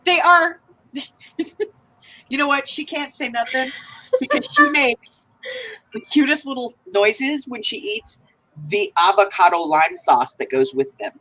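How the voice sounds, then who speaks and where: A woman's voice: a little high, very animated, unhurried, bright, forceful tone, low-quality recording. A woman co-hosting a live stream, telling a silly story in casual chat, playful and giggly. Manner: giggly, playful, self-mocking.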